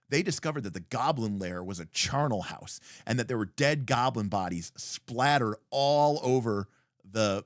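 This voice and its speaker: Casting: male livestream co-host, mid pitch, chatty rambling storyteller, dry close mic. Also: no echo. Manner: rambling, animated storytelling with many fillers and restarts. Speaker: podcast co-host telling a game story. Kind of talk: casual livestream chat.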